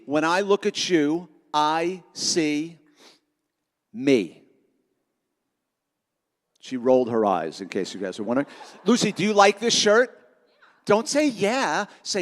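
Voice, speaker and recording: High-voiced, jokey man in an auditorium. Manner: energetic, jokey, self-mocking. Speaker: motivational school speaker. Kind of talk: school assembly talk with crowd work. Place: large school auditorium. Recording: long auditorium reverb.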